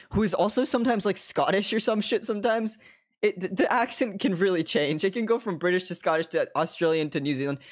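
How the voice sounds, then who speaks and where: A young man live streaming from his desk at home, chatting casually, swearing constantly, laughing often and slipping into other accents. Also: sits high.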